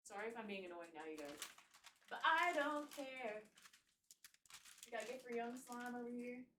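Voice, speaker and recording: A woman's voice: fairly high pitch, expressive, normal speed, sharp tone, distant mic, slight background noise. A young woman streaming from her room at home, chatting casually, mocking herself and swearing a lot. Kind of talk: casual live-stream chat. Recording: roomy sound, voice off-mic at times.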